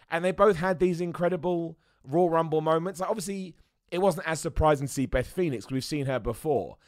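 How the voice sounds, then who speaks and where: A man hosting a wrestling show, chatting excitedly and poking fun at himself. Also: on the high side, no room sound, clean studio sound. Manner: chatty, excitable, self-mocking with laughs. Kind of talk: casual commentary and super chat reading.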